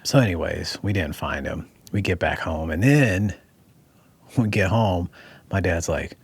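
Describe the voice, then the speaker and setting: A middle-aged man from Dayton, Ohio, telling a personal story in an animated, conversational way. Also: deep voice, measured pace, husky, no echo. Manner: animated, conversational, acts out quotes.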